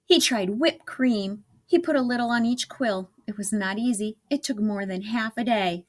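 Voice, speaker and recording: Expressive woman reading a children's story. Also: fairly high pitch, normal speed. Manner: expressive, warm, laughing along. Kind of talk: storybook read-aloud for children.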